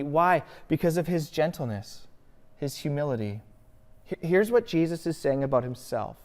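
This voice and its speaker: A pastor delivering a sermon in a church, his voice sitting a little higher than most men's. He preaches earnestly, keeps asking rhetorical questions, and moves from loud, pressing emphasis down to hushed, gentle lines. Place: church sanctuary.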